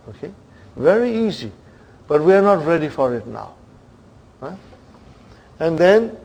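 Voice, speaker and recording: Slow-paced patient male teacher. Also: fairly high pitch, darkish tone. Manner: patient, repeats words slowly, checks in with students. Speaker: Arabic teacher. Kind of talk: classroom lesson.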